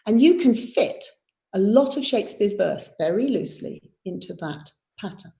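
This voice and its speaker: A woman's voice: mid-range voice, expressive, moderate pace, gravelly, warm tone. A woman, a theatre director leading a live online workshop, explaining verse and tapping out its rhythm aloud. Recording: roomy echo.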